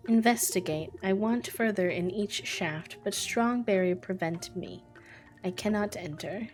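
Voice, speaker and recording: A woman's voice: mid-range voice, darkish tone, faint music behind, lightly acted. Woman doing a grave chieftain with backwards speech. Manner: backwards clipped phrasing, slow and grave. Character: solemn tribal chieftain with inverted grammar. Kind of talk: reading game dialogue aloud.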